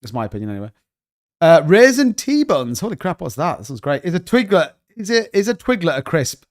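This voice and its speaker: A man's voice: a little high, sing-song, a little fast. A man hosting a casual livestream, joking and bantering as he reads out chat comments. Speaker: crypto livestream host.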